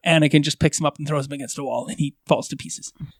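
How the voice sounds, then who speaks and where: A man with a slightly raised pitch co-hosting a casual podcast. He walks through numbers step by step in a chatty, methodical way. His voice sounds dry and close to the mic. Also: fairly even intonation, fast talker, no room sound. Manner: tallies figures methodically, explaining at length. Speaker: podcast co-host. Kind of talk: casual fan podcast chat.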